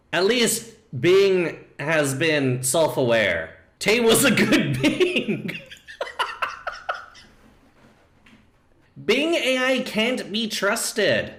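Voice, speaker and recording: A man's voice: high-pitched, a bit bright, roomy sound. A man streaming live, reacting in casual commentary with laughing asides and fillers.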